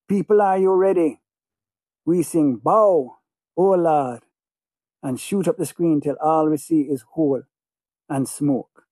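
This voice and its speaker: A man's voice: fairly high pitch, mellow, dry recording. A man narrating an audiobook in the first person, in a feverish, obsessive way with heavy repetition.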